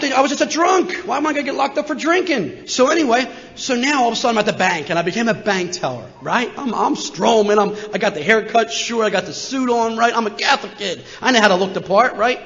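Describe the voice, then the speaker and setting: A bright, high-voiced man in his sixties from Philadelphia spins a funny personal story for a recovery meeting crowd. He is animated and jokey, jumping into other people's voices. The recording is muffled, with a long hall reverb. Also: vocal fry. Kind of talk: humorous personal storytelling to an audience.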